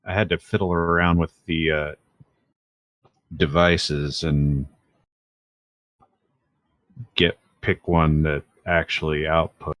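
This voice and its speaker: A man's voice: rumbling low, flat delivery, a little slow, a bit bright, no echo. A man playing in an online tabletop game, asking questions and chatting casually with hesitant restarts, over a voice call. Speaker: player. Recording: dull, dry voice-call audio.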